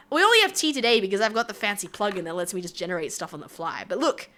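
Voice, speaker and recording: A woman's voice: mid-range voice, animated, fast, hardly any pauses, sharp tone. A young woman VTuber chatting playfully with her stream chat while she draws. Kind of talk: casual live-stream chat.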